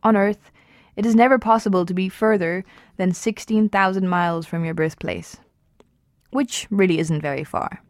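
A woman's voice: mid-range voice, moderate pace, dry recording. Woman reading a novel aloud, dry sound. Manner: steady, with small slips and restarts. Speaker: reader.

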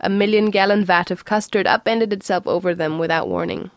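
A woman reads a story aloud in an even, measured way. Her voice is dry and close to the mic, with no room sound. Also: medium pitch, dry recording. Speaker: narrator. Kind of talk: audiobook reading.

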